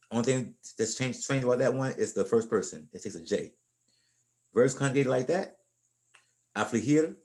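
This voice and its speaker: A man teaching a language class in a loose, conversational way. He talks at an ordinary middle pitch and often repeats or restarts words as he works through an explanation. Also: a little mellow. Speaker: Spanish teacher. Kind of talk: casual classroom lesson.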